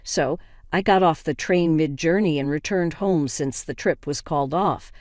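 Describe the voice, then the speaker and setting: A woman reading a dramatic first-person family story as scripted narration, in a steady, even delivery. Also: low-pitched, moderate pace, no echo, studio quality.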